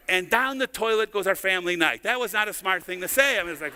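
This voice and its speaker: A man's voice: high-pitched, animated, fast, hardly any pauses, pushed and bright, clear, resonant tone. A middle-aged male pastor preaching a sermon in a church, telling stories conversationally and often repeating words as he goes. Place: church sanctuary. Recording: long hall reverb.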